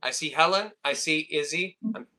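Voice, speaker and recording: Male stream host, sharp bright tone, rambling jokey banter. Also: on the high side, moderate pace. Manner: rambling, joking, repeats himself. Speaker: livestream host. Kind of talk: casual group call chat.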